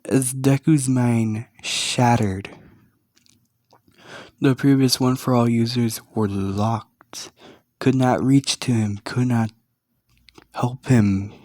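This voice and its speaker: Slow, subdued man with a sore throat. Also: mid-range voice, fairly even intonation, darkish tone, dry recording, clean studio sound. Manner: halting, hesitant, subdued. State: sore throat, speaking quietly. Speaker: fan story narrator. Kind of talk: amateur storytelling narration.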